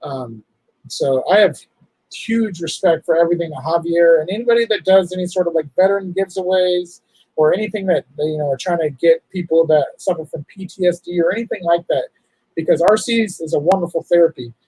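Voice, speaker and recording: A man hosting a casual livestream, talking in an emotional, halting, apologetic way. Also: on the high side, mellow, breathy edge, no echo, low-quality recording. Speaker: livestream host.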